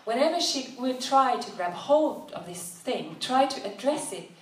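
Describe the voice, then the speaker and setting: A woman narrating a story in a measured, expressive way. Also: fairly high pitch. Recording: roomy, distant mic, faint background noise.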